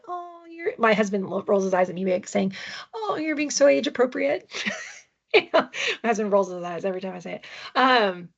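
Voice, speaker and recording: A woman's voice: medium pitch, gravelly, highs cut off. A woman presenting a parenting webinar with slides, talking conversationally and often checking in with tag questions. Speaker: adoption parenting educator.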